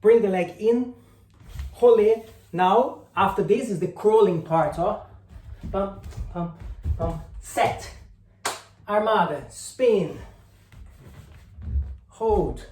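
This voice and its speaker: Male capoeira instructor, unhurried, calls out each move, roomy recording. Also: high voice, darkish tone. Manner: counts and calls out moves while demonstrating; drifts on and off mic while moving. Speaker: capoeira teacher. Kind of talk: instructional demonstration. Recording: echoey room, faint noise.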